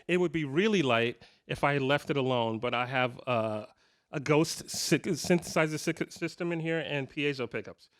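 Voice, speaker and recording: In front of a live clinic audience, a fifty-something guitarist recounts funny stories at normal speed with a medium-pitched voice. His manner is animated, his anecdotes jokey and peppered with laughs, all in a casual storytelling mode.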